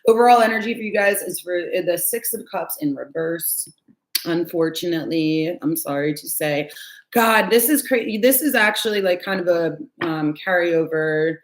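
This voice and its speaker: A woman giving a casual tarot reading from home, chatty and candid, with frequent sighs and the odd swear word. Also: lowish voice. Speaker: tarot reader.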